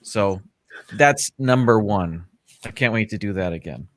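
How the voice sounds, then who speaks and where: A man's voice: lowish voice, animated, measured pace, fairly bright tone, no room sound, clean studio sound. A man guesting on a casual chat, talking earnestly and with enthusiasm.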